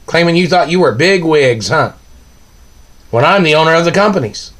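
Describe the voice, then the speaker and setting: A man's voice: a little high, animated, normal speed, fairly bright tone. A man delivering an angry, accusing monologue, ranting and firing off repeated questions.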